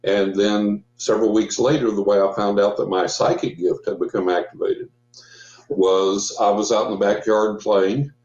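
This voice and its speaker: Speaking at normal speed with fairly even intonation, an older male psychic tells a loose, rambling story as a radio talk show guest. His low voice is a little mellow, and he restarts often and quotes what people said. The recording sounds muffled and roomy, like a remote call in a casual interview.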